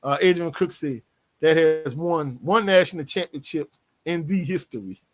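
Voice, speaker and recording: Brash, animated man. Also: fairly high pitch, normal speed. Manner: animated, brash trash talk, laughs often. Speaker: sports show host reading live chat. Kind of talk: casual livestream chat.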